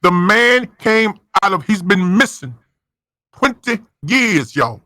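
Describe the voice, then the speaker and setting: A man doing over-the-top comedic wrestling commentary, dramatic and excitable. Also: high voice, slow, dry recording, faint music behind.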